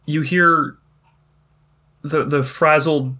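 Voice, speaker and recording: A man running a tabletop game as game master, narrating scenes in a measured, descriptive way. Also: medium pitch, pushed and bright. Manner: measured descriptive storytelling with occasional fillers.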